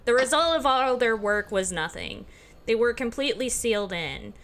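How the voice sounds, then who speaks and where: Bright woman narrating a visual novel. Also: a little high, expressive, moderate pace, soft background music. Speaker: host and narrator.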